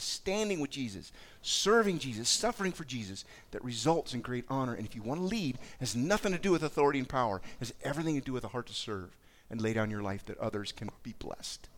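A man's voice: mid-range voice, animated, a little fast. A man, a pastor, delivering a sermon in an earnest, emphatic manner and building on repeated phrases.

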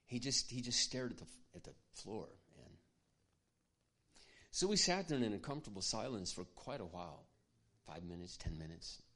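A man preaching, telling a personal story in an earnest, confiding way that often drops to a hush. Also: fairly low pitch, animated, normal speed. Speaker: pastor. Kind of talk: sermon storytelling.

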